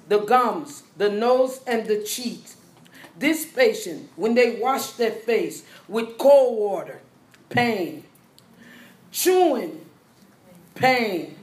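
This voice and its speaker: A woman teaching a live nursing exam review class, quizzing students and repeating key points. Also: fairly high pitch. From Haiti. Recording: echoey classroom with faint ambience.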